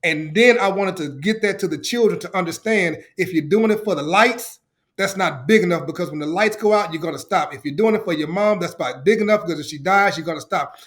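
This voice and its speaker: A middle-aged man, a podcast guest and ministry founder, giving an excited testimony and acting out the voices in the stories he tells. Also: sits high, brisk. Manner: animated storyteller, acts out quotes. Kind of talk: enthusiastic testimony.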